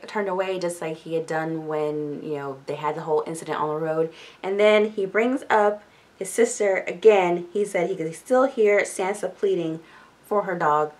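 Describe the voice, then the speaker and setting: Young woman, lowish voice, casual book recap, chatty, quick asides, swears casually. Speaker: book discussion host.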